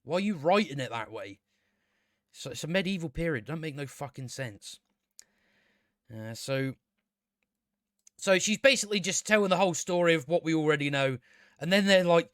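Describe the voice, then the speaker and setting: High-voiced sweary man ranting. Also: animated, normal speed, long pauses, a bit bright, no echo, clean studio sound. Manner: exasperated, sweary, rambling with many restarts. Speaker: show reviewer. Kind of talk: casual rambling review.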